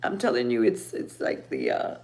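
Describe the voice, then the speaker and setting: A middle-aged woman from Texas hosting a livestream, talking emotionally and haltingly to her viewers with many restarts. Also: very deep voice, wildly swooping pitch, vocal fry, darkish tone. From Texas, Rio Grande Valley. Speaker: livestream host. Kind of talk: casual chat with viewers.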